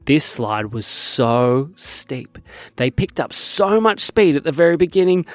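A man narrating a children's bedtime story in a lively, animated way. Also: a little high, measured pace, dry recording. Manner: lively storytelling that swings from bright to hushed.

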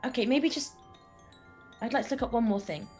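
A woman's voice: fairly high pitch, a little fast, dark tone, faint music behind. A woman playing her character in a tabletop game, talking hesitantly and politely, with many fillers. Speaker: player. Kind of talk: in-character role-play chat.

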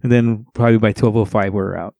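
A man's voice: fairly low pitch, fairly even intonation, fast talker, dark tone, no echo. A man on a casual podcast, telling a short story in a dry, understated way. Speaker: podcast co-host. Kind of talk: casual chat.

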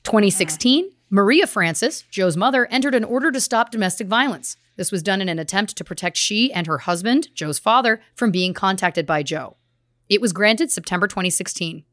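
A woman's voice: mid-range voice, expressive, moderate pace, fairly bright tone, no echo, studio quality. A woman co-hosting a true crime podcast, reading case details with earnest, grave emphasis. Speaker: podcast co-host.

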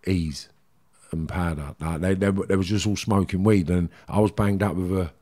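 A man's voice: low-pitched, mellow. A middle-aged man with a Cockney accent, bluntly recounting his past in a rambling interview. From London, England. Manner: blunt, rambling, frequent "do you know what I mean". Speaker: guest. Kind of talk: candid interview storytelling.

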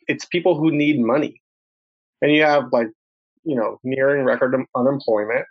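A man on a casual panel, deliberately arguing his point. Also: medium pitch, muffled recording.

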